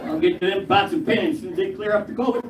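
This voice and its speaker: Older man doing profane stand-up. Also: quick pace. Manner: gruff, profane, punchy delivery with big pitch jumps. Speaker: stand-up comedian. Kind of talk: stand-up routine. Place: live comedy club stage. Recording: echoey live room, mic far, crowd noise. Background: audience laughter.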